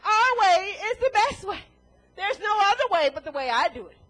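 A woman preaching a sermon in an animated way, laughing often and acting out the voices she quotes. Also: very high-pitched, normal speed, rough recording.

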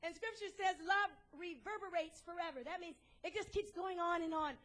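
A woman preaching a lively sermon with folksy asides and calls of amen and hallelujah. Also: very high voice, moderate pace.

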